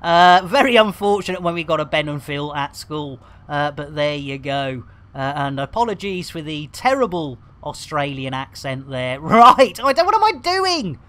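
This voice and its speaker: A man's voice: fairly high pitch, animated, normal speed, hardly any pauses, pushed and bright. A man giving live, joke-filled commentary while streaming a game, full of puns and cheeky wordplay.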